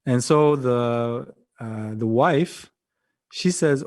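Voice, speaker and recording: A man with a Korean accent, a Buddhist monk giving a dharma talk over a video call, gentle and halting, often repeating his phrases. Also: mid-range voice.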